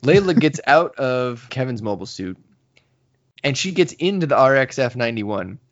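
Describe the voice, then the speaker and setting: A man's voice: medium pitch, normal speed. A man co-hosting a podcast, casually recapping a manga and acting out the characters' lines. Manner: animated storytelling, acts out characters' lines. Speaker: podcast co-host. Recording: slightly dull lo-fi audio.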